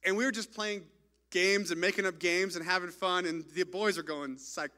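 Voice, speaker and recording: A man's voice: high-pitched, steady tone, moderate pace, bright, forceful tone. A man on a stage, telling a mission trip story in a chatty way, full of "like" and restarts. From United States. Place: stage in front of an audience.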